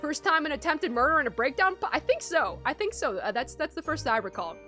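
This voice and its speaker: A woman streams a game and reacts in excitable, slangy bursts. Her voice is high and bright-pitched. Soft game music runs underneath her desk-mic chatter. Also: fast talker. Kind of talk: casual game commentary.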